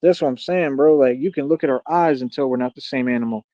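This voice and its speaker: Boastful fast-ranting man in his thirties. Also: medium pitch, warm tone, no room sound, highs cut off. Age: 30s. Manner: boastful, confrontational, talks fast. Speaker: streamer and radio show host. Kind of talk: livestream rant.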